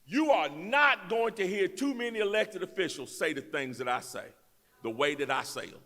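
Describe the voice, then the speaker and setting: High, bright man preaching. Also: expressive, normal speed. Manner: emphatic, rising to shouts, folksy. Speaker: guest speaker, elected official. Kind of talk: fiery preaching. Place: church sanctuary. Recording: long church reverb.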